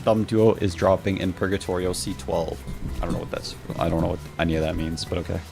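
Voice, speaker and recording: A man's voice: sits low, little pitch movement, quick pace, gravelly, over music. A young man live-streaming a game, joking with chat and laughing often.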